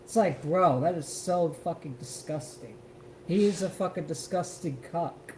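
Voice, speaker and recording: A man hosting a podcast, reacting to a clip with loud, profane, heated rants. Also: a little high, a little slow, slight background noise. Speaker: podcast host. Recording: roomy echo with faint ambience.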